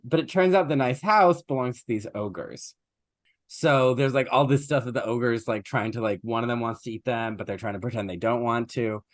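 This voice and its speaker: A man's voice: mid-range voice, no room sound, clean studio sound. A man co-hosting a podcast, retelling an old story in a casual, chatty way with plenty of fillers and asides. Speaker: podcast co-host.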